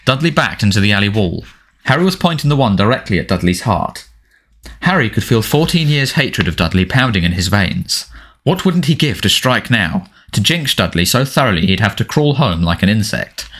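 A man narrating a storybook in an expressive, dramatic reading style. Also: lowish voice, moderate pace. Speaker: audiobook narrator.

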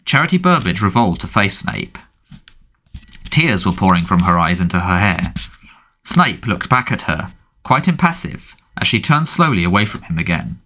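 Expressive low-voiced male audiobook narrator. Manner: expressive storytelling. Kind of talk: scripted narration.

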